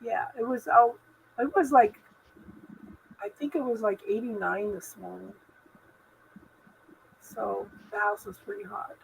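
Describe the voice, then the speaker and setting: A woman hosting a live spiritual talk stream from her home, rambling gently through spiritual advice with lots of fillers and restarts. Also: fairly high pitch, unhurried, creaky, long pauses, a little hiss or hum, poor audio. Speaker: host.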